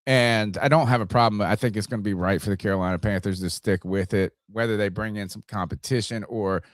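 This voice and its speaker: A man's voice: on the low side, fairly quick, dry recording, studio quality. A man hosting a sports podcast, reading an ad and giving rambling, casual game analysis. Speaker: podcast host. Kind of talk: casual sports talk and ad read.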